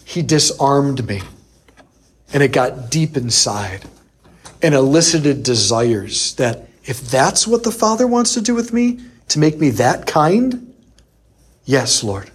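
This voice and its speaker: A husky-voiced male priest preaching to a group. He tells a personal story in a lively way, acting out the voices of the people in it, in a mid-pitched voice. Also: slow pace. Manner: animated storyteller who acts out quoted voices. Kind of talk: sermon storytelling.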